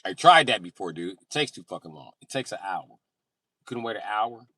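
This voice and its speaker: A man voicing a defensive, loud white guy who whines and yells in a high voice. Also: sing-song, normal speed, breathy edge, no room sound, distant mic, full character voice. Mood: whiny.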